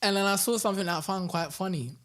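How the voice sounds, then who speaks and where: A man, a guest on a casual podcast interview, telling animated stories and laughing often. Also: high-pitched, racing. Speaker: guest musician and bus driver.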